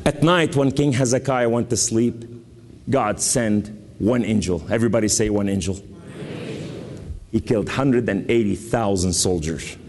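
A man from southern Lebanon with a southern Lebanese accent, preaching a sermon with fervor, moving between loud declarations and low solemn passages. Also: normal speed. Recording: long hall reverb.

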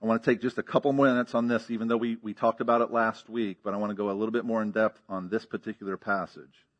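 A man's voice: lowish voice, level tone, fast talker, highs cut off. A man preaching a sermon as pastor, teaching emphatically with rhetorical questions and frequent checks of "okay?".

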